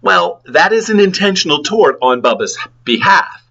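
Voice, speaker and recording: A man lecturing on law, explaining points through lively acted-out examples with sound effects. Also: high voice, moderate pace, gravelly, lo-fi sound. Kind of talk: classroom lecture.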